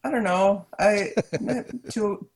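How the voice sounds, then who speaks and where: A man in his thirties, a podcast guest chatting casually in his early-morning voice, hesitant and quick to laugh. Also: high voice. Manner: hesitant, laughs often, many restarts. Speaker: podcast guest, trivia host. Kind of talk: casual chat.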